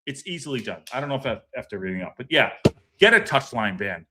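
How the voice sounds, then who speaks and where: A man's voice: medium pitch, very animated, fast, sharp tone. A man hosting a fan reaction stream, ranting, swearing and repeating himself. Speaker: fan podcast host.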